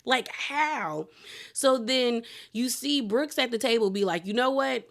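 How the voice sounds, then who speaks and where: A woman's voice: a little high, moderate pace. A woman giving a casual, chatty recap of a reality show, acting out what the cast said in slangy quotes. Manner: chatty, animated quoting with slang.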